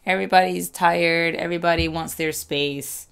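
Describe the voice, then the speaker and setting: A woman's voice: lowish voice, fairly even intonation, moderate pace, gravelly, fairly bright tone, clear, resonant tone. A woman co-hosting a podcast in casual chat, a supportive listener who chimes in with her own comments. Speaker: podcast co-host.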